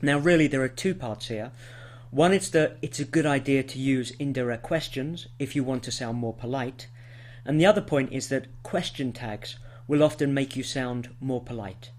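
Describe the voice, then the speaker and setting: A man's voice: mid-range voice, moderate pace. Man teaching an English lesson. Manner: clear, patient explaining with spoken example sentences. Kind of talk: scripted lesson to camera.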